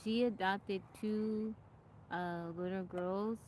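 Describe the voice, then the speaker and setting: A woman's voice: medium pitch, steady tone, takes it slowly, darkish tone, slight background noise, poor audio. A woman hosting a casual live stream, greeting viewers by name and chatting with frequent laughs. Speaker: livestream host. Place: outdoors in nature. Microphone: phone.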